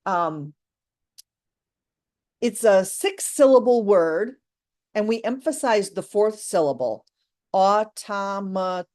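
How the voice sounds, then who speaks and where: Slow-paced woman English teacher. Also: mid-range voice, big pitch swings, warm tone. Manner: slow, deliberate, encouraging delivery. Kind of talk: online English lesson. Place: live online class.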